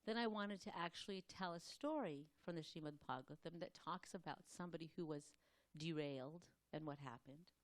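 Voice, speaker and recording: A woman with a slightly low voice leads a scripture class in a quick, wandering delivery. She leans on fillers and stops now and then to clear her throat. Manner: fast, rambling, loosely structured delivery. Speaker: class speaker at a temple.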